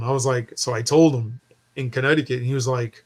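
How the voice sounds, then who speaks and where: Man, middle pitch, chatty storyteller who acts out the dialogue. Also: fast talker. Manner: animated storytelling, acting out quoted dialogue. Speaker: storyteller in casual chat. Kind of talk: casual chat.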